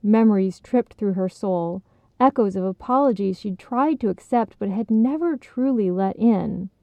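Woman reading a story softly, thin phone-ish audio, dead dry. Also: mid-range voice, moderate pace, vocal fry, no room sound. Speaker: narrator. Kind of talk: calm storybook narration. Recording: dry, tinny phone-like sound.

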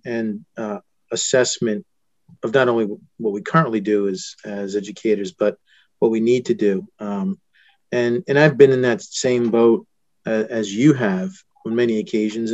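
A middle-aged man hosting an interview, asking earnest, searching questions in halting phrases. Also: mid-range voice, darkish tone, no echo. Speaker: podcast host. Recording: dull, dry lo-fi sound.

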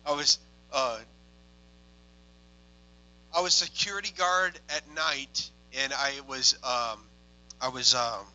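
A young adult man, a minister telling testimony stories in an excitable way, moving from hushed tones to loud exclamations. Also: medium pitch, takes it slowly, long pauses, soft background music, low-quality recording. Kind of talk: testimony storytelling.

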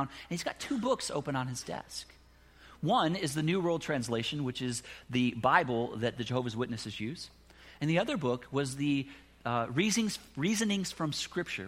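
A middle-aged male pastor with a bright, forceful tone delivers a sermon. He tells his story with animated bursts of loud emphasis, then eases into a quiet prayer. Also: medium pitch.

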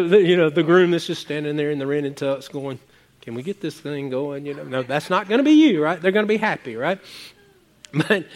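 A man preaching a sermon as pastor, animated and joking with his congregation, his voice jumping to excited peaks. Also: high voice.

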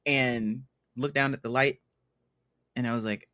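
A man's voice: medium pitch, steady tone, unhurried, pauses often, pushed and bright, dry recording. A man in his thirties from Mississippi, a guest telling stories in casual conversation and laughing often.

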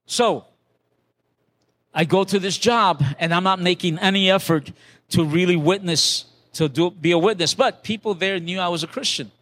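A man's voice: sits high, normal speed, fairly bright tone. Older male pastor telling a testimony. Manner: conversational, with restarts and acted-out quotes. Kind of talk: sermon testimony, storytelling.

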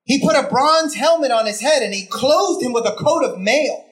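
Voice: sits high, lively intonation, normal speed, fairly bright tone. A preacher delivering a conversational sermon, retelling a scripture story with emphatic repetition and rhetorical questions. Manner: emphatic, repeats phrases for effect.

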